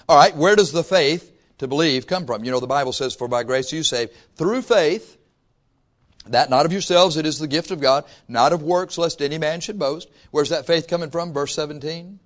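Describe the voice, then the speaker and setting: A pastor preaching to his congregation, swinging from loud rises to soft asides. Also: a little high, moderate pace. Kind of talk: sermon. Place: church before a congregation.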